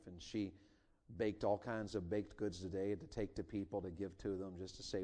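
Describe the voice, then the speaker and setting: A middle-aged man preaching a sermon in a church, swinging from loud emphatic lines to hushed intimate ones, with joking asides. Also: on the low side, a little fast. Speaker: revival preacher. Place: church sanctuary.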